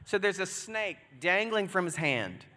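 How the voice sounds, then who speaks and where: Guy preaching, chatty and jokey, acts stuff out, bright tone, big echoey church hall. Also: high voice, a little slow. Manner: animated, jokey, acts out scenes with loud exclamations. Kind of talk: sermon, conversational storytelling. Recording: long reverb of a large hall.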